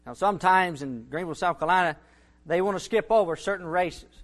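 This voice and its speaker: A man's voice: high-pitched, brisk. A man preaching a sermon, building to emphatic bursts and repeating his phrases. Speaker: Baptist preacher.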